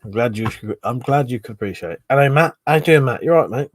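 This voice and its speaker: A man's voice: mid-range voice, animated, quick pace, no room sound. A man hosting a casual live stream, drunk, swearing a lot and laughing as he reads viewer comments. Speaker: livestream host.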